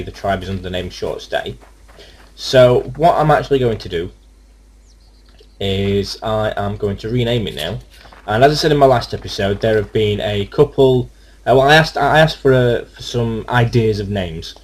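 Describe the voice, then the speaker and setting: Lad talking over his game, slightly low voice, rambly and unsure. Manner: rambling, hesitant, many ums. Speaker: let's play gamer. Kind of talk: casual gameplay commentary.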